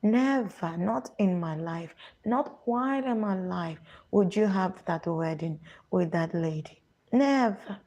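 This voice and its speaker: A woman with a Nigerian accent acting out a stern, domineering Nigerian mother who forbids her son's marriage, loud and commanding. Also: medium pitch, expressive, slow pace, highs cut off. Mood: stern, forbidding.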